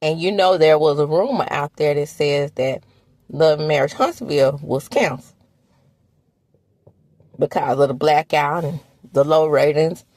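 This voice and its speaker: Sassy Southern woman, husky voice. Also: no echo. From American South. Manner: sassy, animated, with laughs and sudden high exclamations. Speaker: reality TV recap host. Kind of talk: casual commentary vlog.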